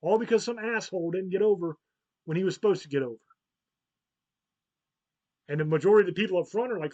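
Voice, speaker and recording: Profane high-voiced man ranting. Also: fast talker, long pauses, a little mellow, no room sound, dull audio. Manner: profane, rambling, heated storytelling. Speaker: podcast host. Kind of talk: casual chat.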